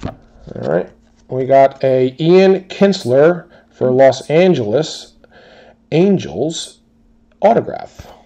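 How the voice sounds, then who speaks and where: A man hosting a card break, steadily reading out team names and players one after another. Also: medium pitch. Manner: steady rapid-fire listing of teams and players. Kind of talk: calling out cards in a box break.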